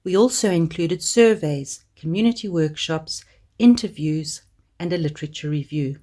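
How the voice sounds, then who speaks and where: A woman reading a scripted documentary voice-over in a measured, earnest way. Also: deep voice, dark tone. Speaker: organisation spokesperson.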